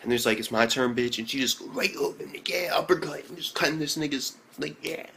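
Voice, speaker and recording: A young man giving a casual, profane, excitable recap of an anime episode, often breaking into high exclamations. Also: fast talker, gravelly, slight background noise. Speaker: anime reviewer.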